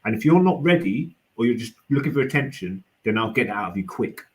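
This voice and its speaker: A man's voice: medium pitch, animated, quick pace, low-quality recording. A young man on a livestream panel, rambling and hesitant, full of restarts and fillers. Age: young adult. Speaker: panel guest. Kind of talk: casual debate.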